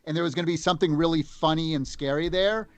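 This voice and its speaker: Animated, restart-heavy man in dry audio. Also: on the high side, quick pace, no room sound. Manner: animated storytelling, full of restarts. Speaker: game developer guest. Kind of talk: casual chat.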